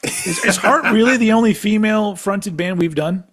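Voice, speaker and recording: A man with a husky, slightly raspy voice that sits a touch above the usual male range. He talks in loose, rambling podcast chat, drifting into tangents, cursing freely and breaking into laughter. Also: high voice, normal speed, a bit bright. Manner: laughs often while talking. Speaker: podcast co-host.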